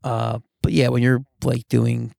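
A man with a gravelly, fry-heavy voice chatting casually about movies on a podcast. He rambles, restarts his sentences and laughs often. The sound is dry and close. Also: mid-range voice, level tone, unhurried, a little mellow, no room sound. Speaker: podcast co-host. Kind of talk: casual chat.

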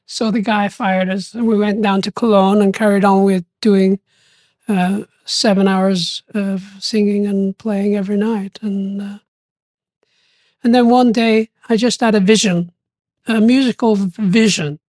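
An older man telling stories in an interview, animated and lively, often acting out what people said and laughing along. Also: sits high, a little slow, no echo. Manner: animated, acts out quoted voices, laughs often. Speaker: interview guest. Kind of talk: storytelling interview.

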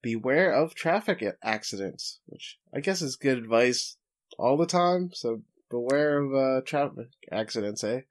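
A man's voice: mid-range voice, lively intonation, measured pace. A man hosting a casual podcast, recapping episodes with playful jokes and asides. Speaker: podcast host.

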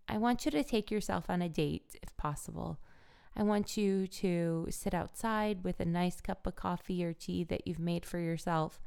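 Woman podcast host, unhurried and warm-hearted pep talk, slightly low, creaky voice. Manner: slow, gentle and encouraging. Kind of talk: calm self-care pep talk.

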